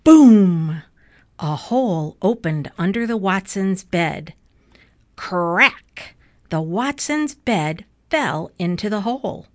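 A woman reading a children's book aloud with slow, gentle, clear storytelling. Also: mid-range voice, expressive, dry recording, studio quality. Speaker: storybook reader.

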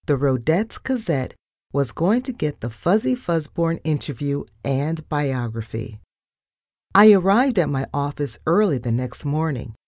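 A woman reading a children's storybook aloud, narrating and giving the characters' lines with lively expression. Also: sits low, dry recording, studio quality.

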